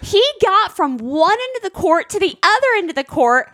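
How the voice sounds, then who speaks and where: A high, lively woman's voice rises and falls sharply as she tells a story and acts out the lines. The sound is dry and close, with no room at all. She sounds like a co-host in her thirties chatting with her husband. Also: normal speed, no echo. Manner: animated, acts out quotes with big pitch jumps. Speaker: podcast co-host, parent. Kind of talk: casual storytelling chat.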